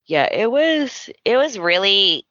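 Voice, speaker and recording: Woman, podcast co-host, slow drawl, lots of "like", bright voice, dry lo-fi recording. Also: medium pitch, sing-song, dry recording. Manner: slow, drawn-out, heavy use of "like". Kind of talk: casual soap opera recap chat.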